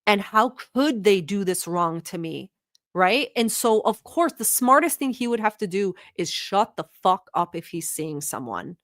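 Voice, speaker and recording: A woman from the Middle East, not a native English speaker, hosting a vlog with blunt, profane and animated reaction commentary. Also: medium pitch, a little slow, no room sound, clean studio sound. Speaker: vlog host.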